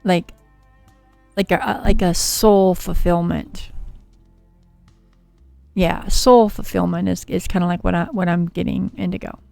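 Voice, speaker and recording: A woman host reads tarot cards for her chat in a relaxed, soothing manner. Her voice is mellow with some gravelly fry and a touch of scratchiness from a recent cold. It is close and dry, with faint music behind her. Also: fairly low pitch, a little slow, long pauses, no echo. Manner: soothing, chatty, reads viewer names and card meanings. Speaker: tarot reader and livestream host. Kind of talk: casual livestream tarot reading.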